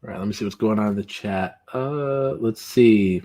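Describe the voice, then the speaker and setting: A man's voice: lowish voice, normal speed. A man hosting a casual livestream, reading chat comments aloud and telling stories with lots of laughter. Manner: animated, laughs often, mimics callers. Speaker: livestream host.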